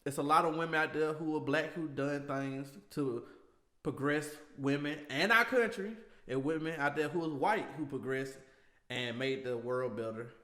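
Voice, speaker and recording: A man's voice: on the high side, normal speed, fairly bright tone, reverberant. A man co-hosting a casual podcast, joking and playful, throwing in catchphrases and sound effects. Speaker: podcast co-host.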